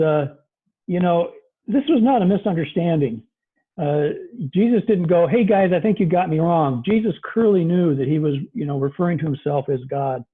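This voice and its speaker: A man's voice: fairly high pitch, slightly rough. A man preaching a conversational sermon as pastor, with many fillers. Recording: tinny phone-like recording.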